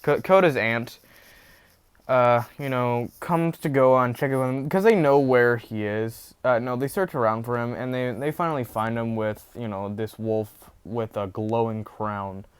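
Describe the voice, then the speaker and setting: A man's voice: mid-range voice, unhurried, clear, resonant tone. A man casually retelling a fan story off the cuff, rambling with many fillers and self-corrections.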